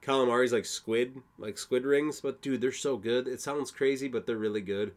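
A man's voice: medium pitch, fairly even intonation, moderate pace. A young man from Wisconsin hosting a casual solo podcast, rambling and swearing a lot, laughing at his own jokes. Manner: profane, rambling, laughs often. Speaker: podcast host.

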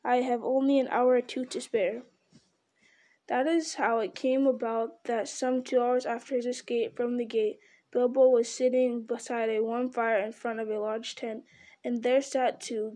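A woman reading a storybook aloud in a steady, unhurried way, now and then stumbling on a word. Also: fairly high pitch. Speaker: reader.

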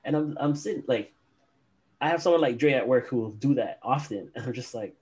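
A man's voice: mid-range voice, fairly quick, a little mellow. A man in casual chat who laughs a lot and acts out what coworkers say. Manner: laughs often, acts out quotes.

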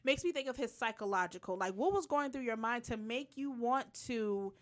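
A middle-aged woman co-hosting a casual chat, animated and laughing as she tells stories. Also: a little high, moderate pace.

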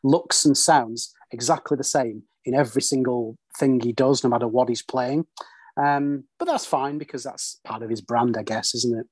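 Husky 40s guy rambling about films, lots of "isn't it", dry mic. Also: mid-range voice, fairly even intonation, moderate pace, no echo. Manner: chatty, many restarts and tag questions. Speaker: podcast host. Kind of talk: casual film discussion.

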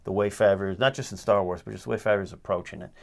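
A man hosting a podcast in casual chat, joking and animated, with plenty of fillers. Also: lowish voice, fast talker, gravelly. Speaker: podcast host.

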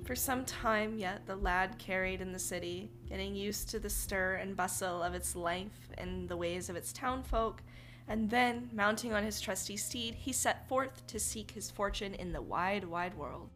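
A woman podcast host narrating an old fairy tale in an animated, dramatic storytelling manner. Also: mid-range voice, a little slow. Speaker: podcast host reading folktales.

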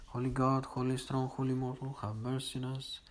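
A man reading liturgical morning prayers aloud in a steady, measured recitation. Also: mid-range voice, a little hiss or hum, low-quality recording. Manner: steady monotone recitation on one note. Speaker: liturgical reader.

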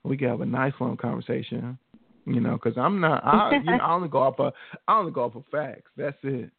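A man co-hosting a casual podcast, ranting in a heated, profane way with a gravelly voice. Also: mid-range voice, brisk, no room sound. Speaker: podcast co-host. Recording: tinny phone-like line.

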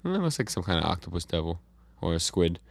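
Podcast co-host, male, very low voice, dead-dry close mic, relaxed recap of comics. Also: fast, vocal fry, no echo. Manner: reads out comic dialogue in a flat retelling, with fillers and restarts. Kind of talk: casual chat recapping comics.

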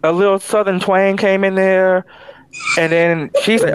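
Young guy on a podcast, kinda high voice, sassy storytelling, chatty. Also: unhurried, slight background noise. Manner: animated storyteller, sassy asides. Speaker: podcast co-host. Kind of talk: casual chat.

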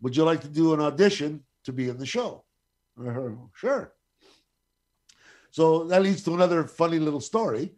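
Man, middle-aged, slightly high voice, casual storyteller, profane, acts out quoted lines. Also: lively intonation, moderate pace, pauses often, darkish tone. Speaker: guest storyteller. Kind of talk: casual anecdote telling.

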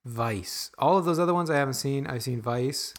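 A man's voice: medium pitch, moderate pace. A young man co-hosting a podcast, talking in a rambling, self-deprecating way with frequent restarts. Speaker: podcast co-host. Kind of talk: casual podcast chat.

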